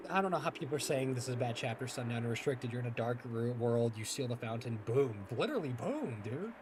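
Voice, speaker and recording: A man's voice: mid-range voice, fast, background noise. A man streaming a game live, reacting emotionally and thanking his chat. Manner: emotional, excitable, addresses chat. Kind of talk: live gaming commentary. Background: loud game music.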